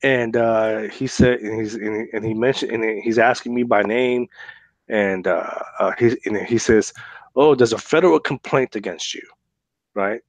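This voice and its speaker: A man hosting a podcast, telling a story in an animated, chatty way and often tagging on "right?" and "man.". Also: on the low side, normal speed, no room sound. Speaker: podcast host.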